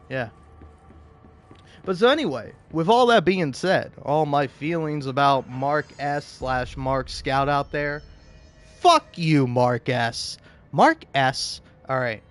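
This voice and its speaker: A man talking casually to camera about a show, rambling and emotional, with many restarts and curses. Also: mid-range voice. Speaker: vlogger. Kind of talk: casual opinion monologue.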